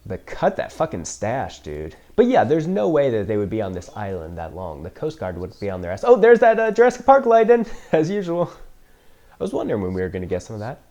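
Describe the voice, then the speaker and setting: A man riffing through a film he has never seen, with a mellow, low-toned voice that swings up and down a lot. He jokes, swears freely and laughs often. It is casual reaction commentary with dry sarcasm. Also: wildly swooping pitch, fairly quick, muffled recording. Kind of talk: casual first-time movie reaction commentary.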